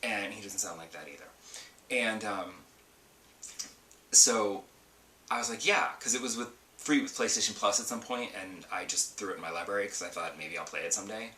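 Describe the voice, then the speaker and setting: A man's voice: fairly low pitch, normal speed, sharp tone, reverberant, far from the mic, a little hiss or hum. A man hosting a casual solo gaming podcast, chatty and rambling with lots of ums and asides. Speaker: podcast host.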